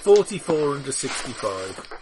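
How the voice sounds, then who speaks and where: A man's voice: mid-range voice, sing-song, normal speed, noisy background. A man playing a tabletop game, teasing the others in a playful way. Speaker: player. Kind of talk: casual chat at a tabletop game.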